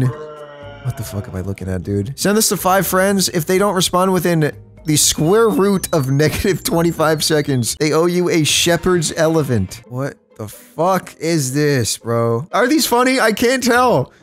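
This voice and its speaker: A man streaming casually while high, animated and giggly, swearing freely as he chats. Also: a little slow, faint music behind. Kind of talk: casual livestream chat.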